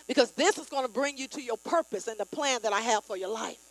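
A woman preaching a sermon, leading the congregation in call-and-response and rising to loud, emphatic declarations. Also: on the high side, fast, low-quality recording.

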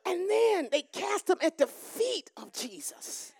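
A woman minister preaching a sermon, shouting and calling for responses from the congregation. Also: very high-pitched, very animated, slow, gravelly, slight background noise.

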